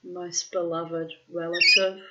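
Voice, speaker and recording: Middle-aged woman, lowish voice, blunt and swearing, diary-reading monologue, muffled lo-fi sound. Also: little pitch movement, slow pace, heavy background noise. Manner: frank and profane, breaks into loud laughter. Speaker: diarist reading her journal aloud. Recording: dull, lo-fi sound.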